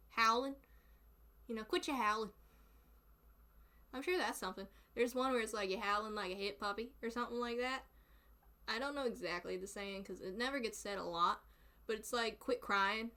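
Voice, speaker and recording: Excitable young Southern woman, chatty. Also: a little high, normal speed, long pauses. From North Carolina, US. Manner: chatty, laughs often, excitable. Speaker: streamer. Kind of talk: casual chat with viewers.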